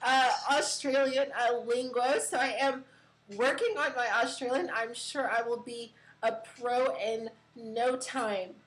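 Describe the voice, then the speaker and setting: A woman's voice: fairly high pitch, steady tone, measured pace, poor audio. A woman hosting a casual crypto live stream from her computer, chatty with many fillers and giggles.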